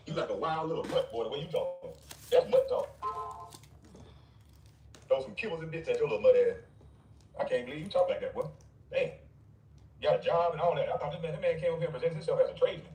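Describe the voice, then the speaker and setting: A man's voice: a little high, expressive, quick pace, darkish tone, far from the mic. A man ranting in a blunt, mocking, dismissive way, with scornful laughs. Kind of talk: ranting commentary. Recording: roomy, off-mic.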